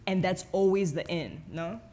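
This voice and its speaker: A woman who grew up in Spain, speaking with a Spanish accent as a guest in a relaxed on-stage book conversation, tagging her sentences with "no?" and restarting often. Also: fairly low pitch, normal speed. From grew up in Madrid, Spain. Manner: frequent tag "no?", many restarts. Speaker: journalist and author guest. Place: event stage before audience.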